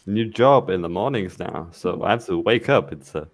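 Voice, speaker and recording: A man's voice: low-pitched, lively intonation, moderate pace, vocal fry, dry recording. A British man chatting casually as a guest on a live stream, laid-back and hesitant. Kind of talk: casual chat.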